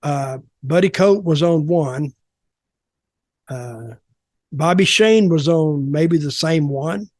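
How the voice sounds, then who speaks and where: A man's voice: a little high, slow pace, long pauses, a little mellow, dry recording, clean studio sound. An older man, telling rambling stories as a podcast host. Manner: rambling, repeats words as he talks. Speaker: podcast host, former wrestler. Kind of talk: casual storytelling.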